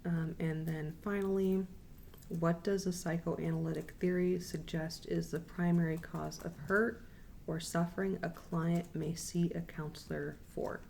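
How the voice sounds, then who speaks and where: Young woman student presenter, low gravelly voice, slow repeated quiz readout, faint room noise. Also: level tone, darkish tone. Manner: measured, repeats questions and options slowly, frequent ums. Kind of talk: recorded class presentation with quiz questions.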